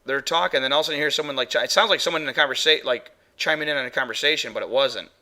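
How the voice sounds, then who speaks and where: A man with a sharp, mid-range voice talks at a racing pace while hosting a live paranormal stream. He chats casually with his chatroom as he plays and reviews audio clips.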